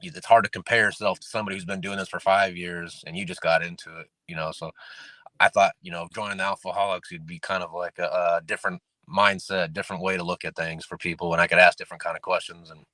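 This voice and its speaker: Male podcast guest, low and forceful, rambling with fillers. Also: fairly even intonation, fast, no echo. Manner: rambling, lots of "you know" fillers. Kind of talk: casual podcast chat.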